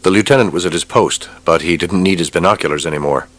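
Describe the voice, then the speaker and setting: A man narrating an audiobook with a steady, measured reading. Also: sits low. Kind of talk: scripted narration.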